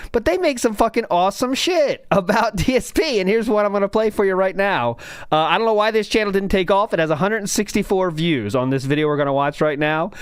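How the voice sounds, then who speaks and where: A man's voice: sits high, smooth, no room sound, studio quality. A man hosting a casual podcast, rambling and joking as he reads out chat comments. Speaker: podcast host.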